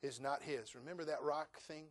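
A middle-aged male pastor preaching a sermon, folksy and joking, acting out dialogue and rising to loud, fervent passages. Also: on the high side, normal speed. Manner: animated preaching, acts out dialogue, rises to loud fervent climaxes.

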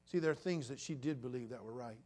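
A pastor in his sixties preaching a sermon, swinging between loud bursts and quiet, low asides. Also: quick pace. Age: 60s.

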